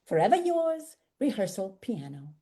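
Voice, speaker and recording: A woman's voice: medium pitch, big pitch swings, normal speed, warm tone, slight background noise, lightly acted. A woman voicing a sweet old male rehearsal piano with a Brooklyn accent, reading a grateful poem written as a letter. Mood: fond, grateful.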